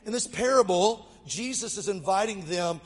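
A middle-aged man from Mobile, Alabama, US, is a guest speaker telling a funny story in a sermon, lively and joking with the audience. His voice is high-pitched and breathy-edged at normal speed, with the long reverb of a large hall.

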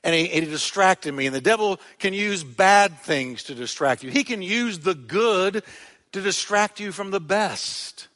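A man preaching a sermon to his congregation, telling the story with animated emphasis and loud, emphatic peaks. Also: sits high, a little slow. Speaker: pastor. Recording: long hall reverb.

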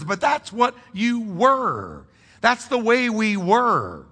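A man preaching a sermon as pastor, animated, drawing call-and-response from the congregation. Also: sits high, takes it slowly. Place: church sanctuary. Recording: reverberant church hall.

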